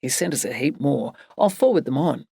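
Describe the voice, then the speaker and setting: A woman reading the lines of an easygoing, smug grown man in a storybook, voicing him lower and dry. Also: animated, fairly quick, gravelly, mellow, breathy edge, dry recording, heavily acted. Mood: casual.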